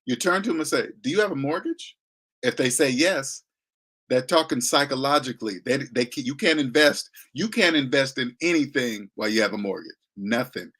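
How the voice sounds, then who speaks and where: A man's voice: mid-range voice, moderate pace, fairly bright tone, slightly rough. A man giving a blunt, slangy money lecture in a casual monologue. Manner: blunt, lecturing, slangy, mocking voices he imitates. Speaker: finance commentator.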